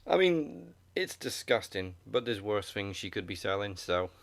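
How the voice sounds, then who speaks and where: Low-voiced easygoing podcast man. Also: big pitch swings, normal speed, creaky, a bit bright, no echo. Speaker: podcast co-host. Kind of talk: casual podcast banter.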